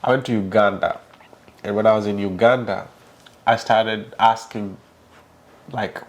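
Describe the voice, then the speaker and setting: A man's voice: lowish voice, steady tone, unhurried, long pauses. A man hosting a casual interview, chatty and laughing often with many restarts. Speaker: host.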